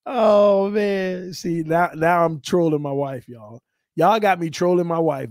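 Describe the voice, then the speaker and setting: A man's voice: fairly high pitch, unhurried, a little mellow, no echo, clean studio sound. A man from Florida hosting a casual sports talk livestream, joking and trash-talking as he reads the chat aloud. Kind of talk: casual live-chat banter.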